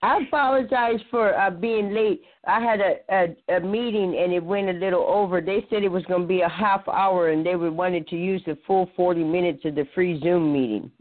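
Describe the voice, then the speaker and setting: A woman calling in to a talk show as co-host, speaking in a halting way and often restarting her sentences. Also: on the low side, fairly even intonation. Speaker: caller and co-host. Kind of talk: casual talk show chat. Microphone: phone call. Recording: tinny phone line.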